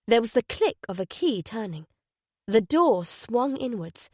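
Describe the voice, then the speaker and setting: A woman narrating a mystery thriller audiobook at a measured pace. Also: on the high side, sing-song, dry recording, clean studio sound. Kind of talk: scripted narration.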